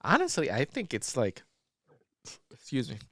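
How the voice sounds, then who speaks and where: A man co-hosting a casual podcast, talking in a loose, rambling way full of fillers and swearing. His voice sits at an average pitch. It sounds dry and close to the mic. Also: huge pitch swings, normal speed, fairly bright tone, no echo. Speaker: podcast co-host. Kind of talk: casual chat.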